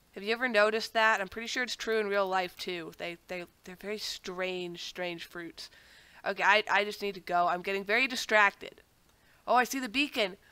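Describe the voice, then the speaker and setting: A woman's voice: medium pitch, pushed and bright, smooth, dry recording. A young woman with a cold, rambling through casual gameplay commentary with self-mocking asides that keep sidetracking her. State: has a cold. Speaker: gaming channel host.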